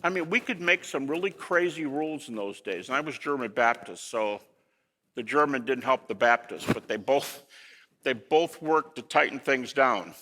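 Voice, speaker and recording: A man giving a lecture to an audience in an animated way, with rhetorical questions and folksy asides. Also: mid-range voice, moderate pace, big-room sound.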